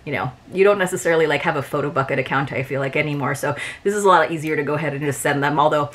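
A woman's voice: deep voice, rapid-fire. A young woman reviewing a subscription box in a casual unboxing vlog, chatty and giggly, with lots of "like" in her speech. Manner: chatty, giggly, heavy use of "like".

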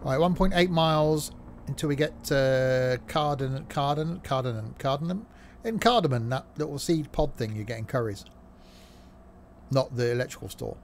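A man chats loosely while he streams a train game, joking at himself and filling gaps with "uh". His voice sits at an everyday middle pitch. Loud engine and track sounds from the game run clearly under everything he says. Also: normal speed, slight background noise. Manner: rambling, jokey, many "uh" fillers. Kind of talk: live gameplay commentary.

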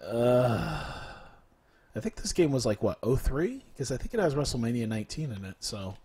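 A man's voice: mid-range voice, big pitch swings, normal speed, mellow, slightly rough. A man streaming a wrestling video game, giving live commentary full of swearing and exasperated rants at the game. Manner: profane, exasperated ranting at the game.

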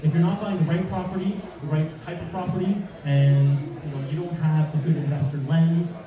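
A man giving an animated real estate seminar with slides, asking the audience rhetorical questions and acting out mock panic. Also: a little high, moderate pace, a crowd in the background. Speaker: real estate investing speaker. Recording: echoey room, distant mic, audience.

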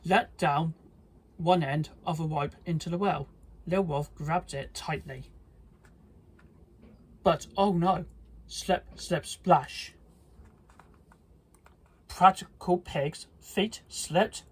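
Very husky, slow storybook reader. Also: medium pitch. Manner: slow, halting with small slips. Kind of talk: children's read-aloud.

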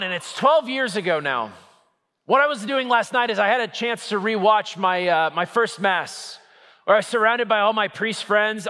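A man in his thirties, a Catholic priest, preaching a sermon with lively, humorous storytelling. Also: high-pitched. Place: church. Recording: echoey church hall.

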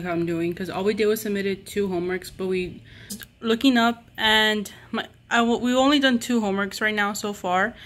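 A woman's voice: mid-range voice, fairly bright tone. A young adult woman vlogging in a casual, rambling way, exasperated and full of "like". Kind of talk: casual vlog chat.

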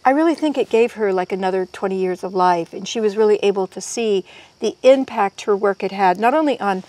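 A woman guest in an interview, telling stories in a lively way and quoting people as she goes. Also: mid-range voice, brisk. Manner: lively storyteller, quoting others in their voices. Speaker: guest herbalist. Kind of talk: storytelling in an interview.

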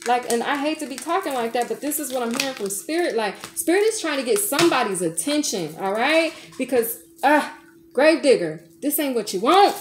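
High-voiced woman giving an emphatic tarot reading. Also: lively intonation, fairly quick, echoey room, noisy background. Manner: coaxing, emphatic, calls listener baby and honey. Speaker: tarot reader.

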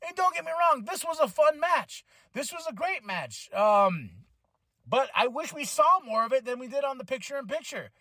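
Podcast host, male, fairly high voice, excitable and profane, rambles, dry close sound. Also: moderate pace, no echo. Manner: excitable, rambling, swears freely. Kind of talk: casual solo review podcast.

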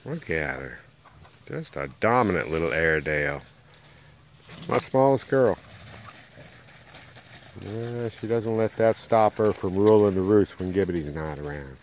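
Deep-voiced man coaxing dogs outdoors. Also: unhurried, long pauses, a little hiss or hum, low-quality recording. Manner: coaxing calls and chatter to his dogs. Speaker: dog breeder filming his dogs. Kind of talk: casual vlog narration. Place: front yard outdoors in the country.

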